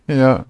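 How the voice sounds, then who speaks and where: A man's voice: no echo, clean studio sound. A man in his thirties from Canada, chatting casually on a livestream, rambling and swearing, trailing off and laughing often.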